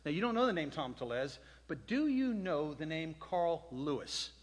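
A man's voice: on the high side, big pitch swings, moderate pace. A man in his sixties telling a self-deprecating story to a live audience, quizzing the crowd as he goes. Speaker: speaker. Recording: long hall reverb.

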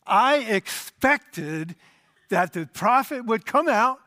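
A proud foreign commander rants with scorn about an order he finds beneath him, as a preacher acts him out. His voice sits high and rises louder as he complains. The sound is close and dry. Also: animated, slow, dry recording, full character voice. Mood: indignant. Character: proud indignant foreign army commander, man.

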